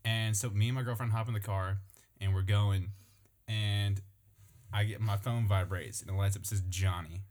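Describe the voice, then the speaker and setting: A young man with a fairly low voice tells a casual story with real energy. He acts out what people said and breaks into laughs often. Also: fairly even intonation, moderate pace, darkish tone. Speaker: co-host telling a story. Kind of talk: casual chat.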